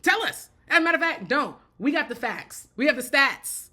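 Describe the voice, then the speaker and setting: Female commentator, blunt comic delivery, self-interrupting, bright and slightly high. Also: expressive, normal speed. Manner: blunt, joking, self-interrupting, laughs often; repeats and restarts phrases. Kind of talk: casual spoken commentary.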